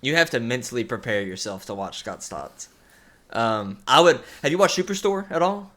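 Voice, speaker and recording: Young man, podcast co-host, storytelling, laughing, lively pitch. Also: moderate pace. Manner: storytelling, laughing, many restarts. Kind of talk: casual chat.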